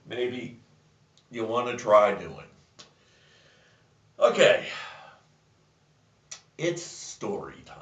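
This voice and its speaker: A man hosting a casual chat show, telling a joke and rambling with many restarts and fillers. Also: lowish voice. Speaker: show host. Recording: roomy, distant, muffled sound.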